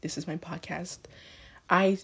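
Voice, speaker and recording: A young woman in her late teens tells a story on her own podcast, and her lowish voice has a husky, breathy edge. She rambles and corrects herself mid-sentence, checking in with the listener as she goes. It sounds like she is talking straight into a phone. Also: steady tone, measured pace. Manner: rambling, self-correcting, frequent "you know what I mean". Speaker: podcast host. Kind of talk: casual storytelling monologue. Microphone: phone mic.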